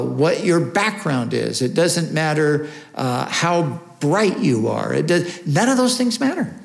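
A man's voice: a little high, gravelly. A man preaching a sermon, teaching earnestly and asking rhetorical questions. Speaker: pastor. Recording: echoey room.

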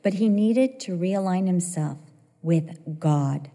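Middle-aged woman giving a sermon, mellow warm voice, chatty storytelling, big hall echo. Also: fairly low pitch, slow pace. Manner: storytelling, conversational, emotional swings. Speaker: pastor's wife preaching. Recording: long hall reverb.

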